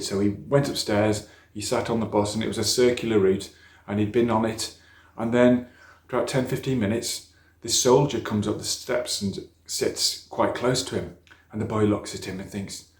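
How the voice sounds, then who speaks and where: A man's voice: on the low side, fairly even intonation, normal speed, darkish tone. A middle-aged man, telling stories in a sermon for young people. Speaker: speaker at a church youth talk. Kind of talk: storytelling children's sermon. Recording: echoey church room.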